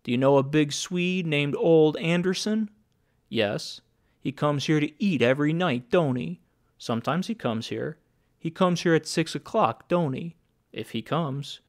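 Talkative taunting hit man, slightly high voice, as a male reader puts him on. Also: measured pace. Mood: sneering. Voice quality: sneering, mocking.

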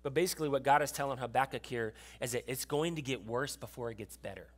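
A man's voice: medium pitch, fast. A man pastor giving a sermon in a conversational way, often restarting his sentences and checking in with the congregation. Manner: conversational preaching with frequent restarts and asides to the congregation.

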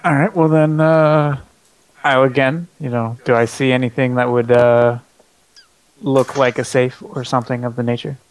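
A man taking part in a tabletop game as a player. He talks hesitantly and fills his sentences with small pauses and filler words. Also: mid-range voice, steady tone, clean tone. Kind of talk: tabletop role-play.

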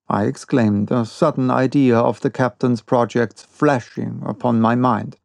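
Guy reading an old novel aloud, real slow and measured, kinda mellow low tone. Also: fairly even intonation, vocal fry, dry recording. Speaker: audiobook reader. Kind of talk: unabridged audiobook narration.

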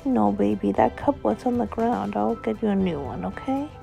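A woman voicing a loving young mother who comforts her child in a soft, often whispered voice. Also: medium pitch, normal speed, creaky, soft background music. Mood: tender. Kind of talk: storytelling role-play.

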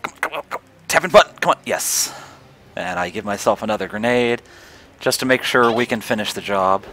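A man's voice: fairly low pitch, brisk, sharp tone. A man narrating his strategy game run in casual let's play commentary, swearing, trash-talking enemy units and laughing at his own jokes. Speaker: gamer.

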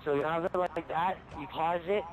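A man casually explaining and joining an improvised game role-play, with halting fillers, on a noisy home recording. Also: a little high, steady tone. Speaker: game player and commentator.

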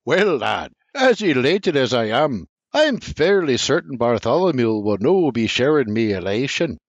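A man's voice: medium pitch, very animated, measured pace, dry recording. An older man reading an audiobook voices a pompous father with a lofty, lecturing manner. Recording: dry, slightly muffled recording.

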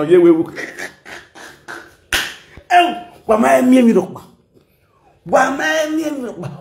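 A Nigerian man rants casually and mockingly, in a high voice full of big swings in pitch. He is recorded in a roomy space that echoes around him. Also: darkish tone. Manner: mocking, mixes pidgin and local languages. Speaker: online commentator. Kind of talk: casual ranting commentary.

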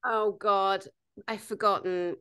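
A woman co-hosting a casual chat, lively and self-mocking. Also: medium pitch, takes it slowly, smooth. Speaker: co-host.

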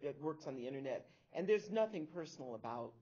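A woman on a chat panel gives blunt, musing opinions in a husky voice that moves up and down a lot. The sound is dull and lo-fi. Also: sits low, expressive, quick pace, dark tone. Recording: dull lo-fi audio.

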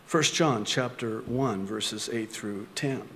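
A man's voice: lowish voice, slow pace, hardly any pauses, a bit bright, in a large hall. A male pastor preaching a sermon, full of rhetorical questions and self-mocking humor.

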